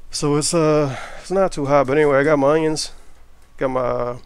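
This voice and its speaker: A man's voice: a little high, fairly even intonation, a little fast, clear, resonant tone, no room sound. A man, chatting offhand and with profanity as he cooks in his home kitchen for a vlog. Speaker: cooking vlogger. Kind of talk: casual cooking vlog. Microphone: camera mic while cooking.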